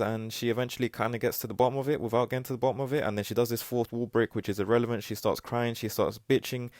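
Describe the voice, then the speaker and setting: A man's voice: mid-range voice, no echo, clean studio sound. A man recapping a TV episode in a sarcastic, mocking, profane way, stretching repeated words for ironic stress. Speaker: TV show reviewer.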